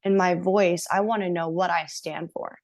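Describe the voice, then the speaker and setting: A woman guest on a podcast interview, telling her personal story in an earnest, animated way and laughing now and then. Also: lowish voice, normal speed. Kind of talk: casual interview.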